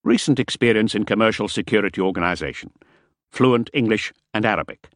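A man voicing a brisk military major who reads out records in a crisp, clipped manner. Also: on the low side, no room sound, studio quality, pitched above the performer's own voice, natural voice.

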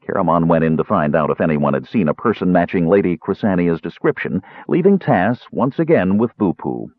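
A man narrating a fantasy story aloud in an expressive storytelling manner. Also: low-pitched, fairly quick, no echo. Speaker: audiobook narrator. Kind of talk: scripted narration. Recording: tinny phone-like sound.

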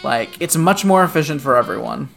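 Co-host, mid pitch, foul-mouthed animated storyteller, casual podcast chat. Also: fairly quick, creaky, soft background music. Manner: profane, animated, peppered with "like".

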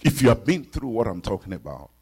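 A middle-aged man from Africa, a pastor preaching a sermon, dropping to hushed whispers and rising to loud exclaims. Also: mid-range voice, sing-song, fast talker, slightly rough.

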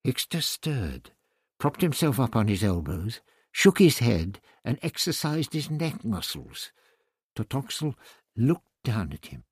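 A man narrates a story in a slow, measured manner. His voice is husky and moves expressively across its range. The recording is close and dry. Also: medium pitch, big pitch swings, no echo. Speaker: audiobook narrator. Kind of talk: scripted narration.

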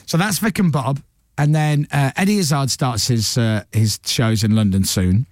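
A man hosting a radio breakfast show, telling stories in a chatty, animated way into a studio microphone. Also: medium pitch, dry recording. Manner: chatty storyteller, quick and animated. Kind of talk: casual studio chat.

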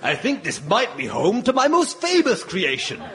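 A man's voice: high voice, wildly swooping pitch, moderate pace, noisy background. A man doing a pompous Victorian novelist. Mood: grandiose. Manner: theatrical, exclaiming, self-satisfied. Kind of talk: comedy radio sketch narration. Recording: loud music behind the voice.

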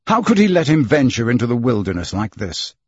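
A man narrating an audiobook in a steady, expressive reading. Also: medium pitch, brisk, husky, no room sound, lo-fi sound. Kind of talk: scripted narration.

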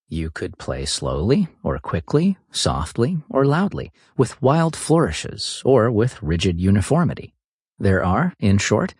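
A man reading a scripted book summary in an expressive, varied narration. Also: on the low side, husky, no echo, clean studio sound.

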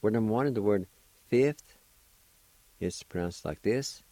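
A man's voice: fairly low pitch, a little slow, dark tone, no echo, poor audio. A man teaching a radio language lesson, patient and encouraging as he spells words out one letter at a time, on a close studio microphone.

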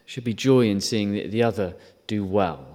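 A man's voice: fairly low pitch, normal speed, a little mellow. A man preaching a sermon in a conversational way, asking rhetorical questions and briefly acting out quotes. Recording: long reverb.

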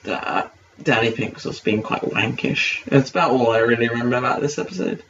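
A man's voice: medium pitch, fairly quick, gravelly, a bit bright. A man co-hosting a casual commentary podcast, rambling with lots of fillers and swearing. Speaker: podcast co-host. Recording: distant lo-fi mic with faint hiss.

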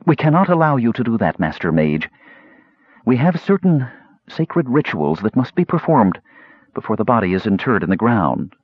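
A man's voice: mid-range voice, very animated, normal speed, breathy edge, dry recording, muffled recording. A man voicing a solemn, grieving woman counselor who speaks tersely and formally in a storybook reading. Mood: grave.

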